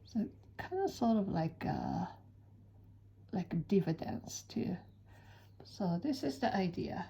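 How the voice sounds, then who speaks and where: A woman giving a calm step-by-step drawing tutorial, soft-spoken and often dropping to a near whisper. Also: mid-range voice, takes it slowly, vocal fry, slightly rough, poor audio. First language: Japanese. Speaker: certified drawing-art teacher.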